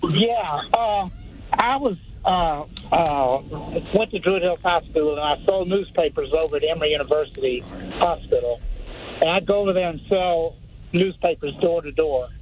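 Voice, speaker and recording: An older man, from the Atlanta area, phones in and rambles through an anecdote, pausing on filler words as he goes. His voice sits high for a man. A faint hiss hangs under the phone line. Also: darkish tone. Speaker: caller. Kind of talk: phone-in storytelling.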